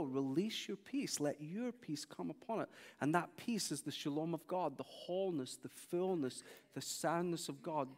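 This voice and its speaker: Man, sermon, animated storytelling, echoing church hall. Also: on the high side. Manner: animated storyteller, acting out quoted speech. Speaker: preacher.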